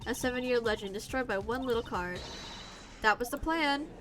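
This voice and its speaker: A woman's voice: on the high side, moderate pace, noisy background, close to an everyday voice. A woman doing a sly card-dealer witness with a fake Russian accent. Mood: scheming. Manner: smug, evasive.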